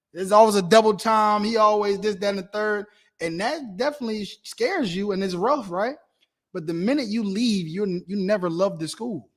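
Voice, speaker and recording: A man lecturing a class in a preaching style, repeating himself and asking "right?" often, swinging between loud emphasis and quiet murmur. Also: high-pitched. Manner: preachy, repetitive, asks "right?" and "you understand?". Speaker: class teacher.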